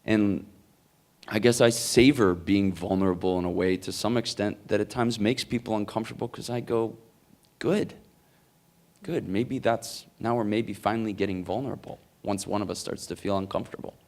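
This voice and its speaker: Low-voiced male speaker, earnest and rambling Q&A answers, lots of "like"s. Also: fairly even intonation, brisk, darkish tone. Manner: earnest, rambling, many likes and restarts. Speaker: conference speaker. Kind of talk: Q&A answer, storytelling. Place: conference hall.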